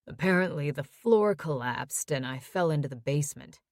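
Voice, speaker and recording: A woman voicing an injured young male firefighter who talks quietly with dry humor. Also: sits low, expressive, moderate pace, no echo, pitched below the performer's own voice. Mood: weak, wry.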